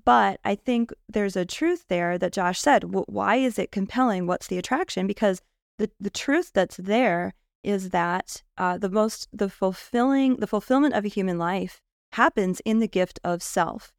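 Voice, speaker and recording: A woman's voice: mid-range voice, moderate pace, creaky, no echo, clean studio sound. A woman on a casual panel podcast, thoughtful and laughing lightly between her points.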